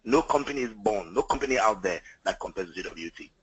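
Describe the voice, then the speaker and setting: A man's voice: fairly low pitch, lively intonation, quick pace, a bit bright, slightly rough, muffled recording. A man speaking on a group call, gushing and repetitive while trying to keep his voice down. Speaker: team leader on a group call. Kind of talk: excited testimonial on a conference call. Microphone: online call audio.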